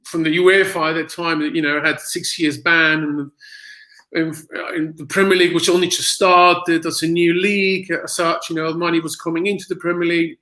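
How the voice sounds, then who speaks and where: A man's voice: fairly high pitch, moderate pace, low-quality recording. A man who is a former footballer, speaking English as a second language in a casual interview, telling stories with laughs and lots of fillers. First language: not English. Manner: animated storyteller, laughs often, many fillers.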